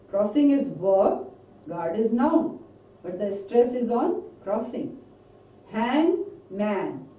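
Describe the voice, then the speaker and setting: A woman with an Indian English accent gives a recorded lecture, drawing out each example word with deliberate emphasis. Her voice is dark and mellow, with a lively rise and fall. She sits back from the mic in an echoey room. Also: a little high, far from the mic. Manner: slow, deliberate, stresses example words. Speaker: English teacher.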